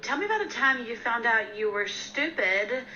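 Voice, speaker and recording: Offhand woman, slightly high, bright. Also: expressive, moderate pace, highs cut off, slight background noise. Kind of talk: storytelling clip.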